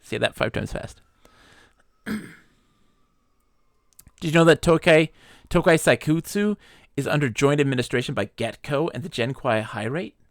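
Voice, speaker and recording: A man's voice: a little high, expressive, moderate pace, vocal fry, pauses often, no room sound, clean studio sound. A man streaming himself playing a space game, chatting casually in a goofy, playful, rambling way. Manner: goofy and playful, chanting silly repetitions; rambling, self-deprecating asides. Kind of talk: casual live-stream commentary.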